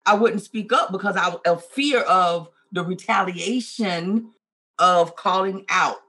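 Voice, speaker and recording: Bright-voiced woman host asking earnestly. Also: on the low side, takes it slowly, slightly rough. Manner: encouraging, earnest questioner. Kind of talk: casual conversation.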